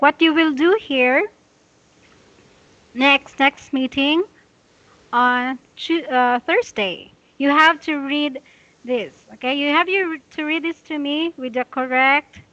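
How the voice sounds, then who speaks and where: A woman teaching English pronunciation, explaining slowly and repeating her instructions patiently. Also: sits high, fairly bright tone, dull audio. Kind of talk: giving a pronunciation lesson.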